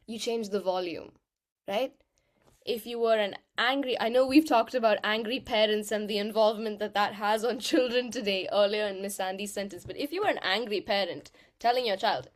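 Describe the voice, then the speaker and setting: Bright-pitched woman teaching a voice workshop, upbeat and encouraging, demos stuff as she goes, audience in the room. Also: moderate pace. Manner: animated, encouraging, demonstrates vocal changes. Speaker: actor and singer giving a voice workshop talk. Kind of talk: lively workshop talk to a live audience.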